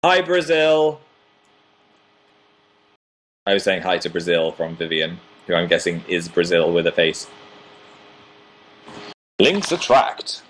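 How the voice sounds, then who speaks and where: A man's voice: low-pitched, slight background noise. A young man in his twenties casually chatting on a home livestream, reading viewer comments aloud with self-deprecating humor. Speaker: livestream host.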